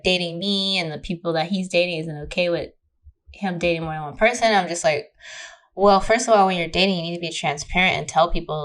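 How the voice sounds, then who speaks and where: A woman guest on a podcast tells a story in loose, lively chat. She swears often and slips into mocking impressions of the people in the story. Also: lowish voice. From California. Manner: animated, profane, mocking impressions. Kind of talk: casual storytelling. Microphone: remote recording.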